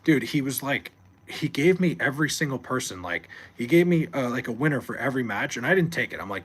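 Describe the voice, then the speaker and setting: A man's voice: medium pitch, animated, brisk, breathy edge. A man streaming late at night from home, chatting loosely with chat, swearing and rambling, on a desk mic. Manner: loose, profane, rambling, reads chat aloud. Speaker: live streamer.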